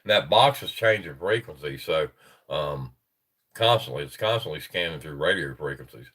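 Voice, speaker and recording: A man's voice: a bass voice, expressive, moderate pace, fairly bright tone, husky, far from the mic. A man hosting a paranormal chat show, talking casually and rambling with many restarts. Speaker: podcast host.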